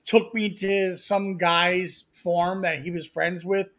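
A man's voice: high voice, slow pace. A man from Florida co-hosting a podcast, telling rambling, profane stories in a loose banter style. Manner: profane, rambling, animated storyteller. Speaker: podcast co-host. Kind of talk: crude storytelling banter.

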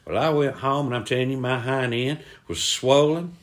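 A man telling a long funny story on a podcast, acting out other people's voices. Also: normal speed. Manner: acts out voices, shouting quoted lines high. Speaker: podcast co-host. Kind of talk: animated storytelling.

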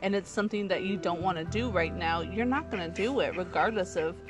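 A man's voice: high-pitched, fairly quick, music in the background. A man hosting a conversation, affirming his guest and reflecting on relapse and family. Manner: affirming, frequent backchannels and laughs. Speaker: podcast host. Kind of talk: supportive conversational interview.

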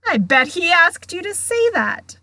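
A woman's voice: very high-pitched, big pitch swings, a little slow, heavy background noise, pitched above the performer's own voice, exaggerated voice. A woman reading aloud, voicing a boisterous, hearty male ghost huntsman who roars and teases. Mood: hearty teasing. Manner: roaring, jovial, mocking.

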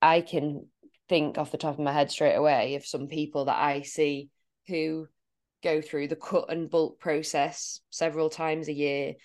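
A woman's voice: sits low, little pitch movement, a little slow, darkish tone. A woman co-hosting a podcast as a fitness coach, talking earnestly and reflectively about clients. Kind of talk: casual podcast chat.

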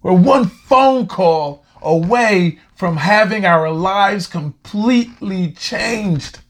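Husky man in a heartfelt casual monologue. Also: sits high, a bit bright. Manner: conversational, heartfelt, slangy, slows down for emphasis. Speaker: podcast host.

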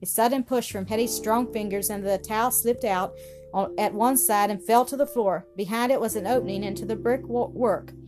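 A woman's voice: mid-range voice, a little fast. Woman narrating a storybook over music. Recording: music playing behind.

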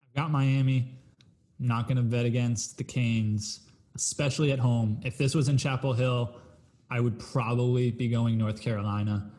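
Mellow easygoing podcast co-host man. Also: mid-range voice, fairly even intonation, moderate pace. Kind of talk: casual chat.

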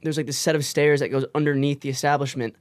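A man's voice: a little high, fairly even intonation, fast talker, no room sound. A young man co-hosting a podcast, telling stories in a rambling, profane way over casual chat. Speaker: podcast co-host.

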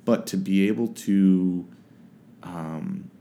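Guy with a deep mellow voice rambling about a song, lots of ums. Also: slow pace. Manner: hesitant, searching for words, many fillers. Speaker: music reviewer. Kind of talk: casual spoken song review.

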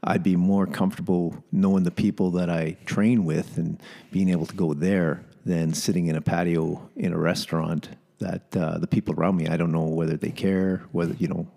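A man who is a guest on a casual podcast, speaking in an earnest, halting way with frequent restarts. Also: low-pitched, flat delivery, vocal fry, mellow.

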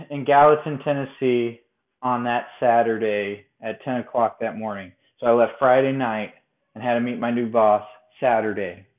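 A young man from Colorado tells a personal faith story as a podcast host. He talks in a casual, rambling way, often restarts sentences and pokes fun at himself. His voice sits at an ordinary middle pitch, and it comes through a thin, phone-like line in a room with a lot of echo. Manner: chatty, rambling, self-deprecating with frequent restarts. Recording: tinny phone-like sound in an echoey room.

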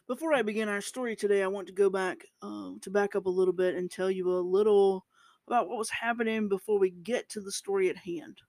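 A woman's voice: mid-range voice, steady tone, a little fast, a little mellow, no room sound. A woman preacher giving a conversational podcast sermon, reading scripture and reflecting on it, with rising emphasis at key points.

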